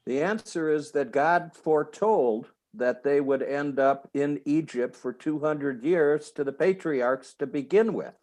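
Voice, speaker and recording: A man taking part in an online class, giving a measured, explanatory answer. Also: a little high, a little mellow. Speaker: class participant.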